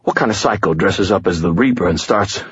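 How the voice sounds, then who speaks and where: A man's voice: low-pitched, fairly quick, breathy edge, no room sound, pitched above the performer's own voice. A man doing a rattled young cop. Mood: frightened. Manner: stunned, tense, rattled. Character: frightened young male police officer, shaken. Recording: dull lo-fi dry recording.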